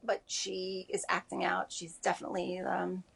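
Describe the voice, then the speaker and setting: A grieving woman in her forties giving a remote interview over a video call, speaking softly and haltingly with many pauses. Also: fairly low pitch, monotone, vocal fry, slightly rough. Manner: halting, soft-spoken, many pauses and fillers. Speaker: interview guest.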